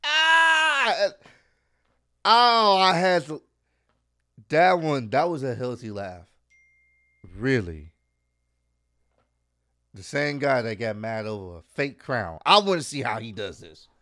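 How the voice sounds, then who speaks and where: A man's voice: mid-range voice, sing-song, a little slow, long pauses, a bit bright, no room sound, clean studio sound. A man hosting a reaction video, chatting in an amused, casual way.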